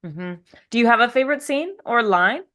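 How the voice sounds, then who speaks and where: A woman's voice: on the high side, animated, fairly quick, fairly bright tone. A woman co-hosting a podcast, chatting casually and praising her guest, often restarting her sentences as she thinks aloud. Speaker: podcast co-host. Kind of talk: casual chat.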